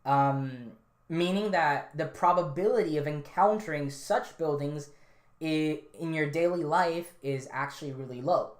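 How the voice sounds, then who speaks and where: An echoey, roomy recording carries a female podcast host's deep, unhurried voice. She hosts solo and casually, rambling offhandedly with plenty of fillers and restarts.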